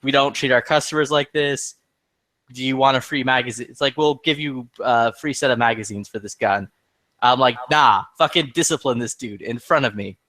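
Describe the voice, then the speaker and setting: Man, casual chat, swearing a lot, heated storyteller, mid pitch, dry close sound. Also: normal speed, no room sound. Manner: profane, heated, animated retelling with quoted dialogue. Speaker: podcast regular.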